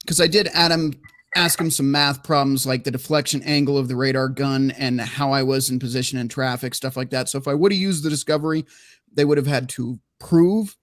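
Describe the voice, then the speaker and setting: A man's voice: mid-range voice, no room sound, clean studio sound. A man hosting a casual call-in show, talking loosely, swearing now and then, and reading viewer chats aloud. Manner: relaxed, swears casually, reads chat aloud. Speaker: host.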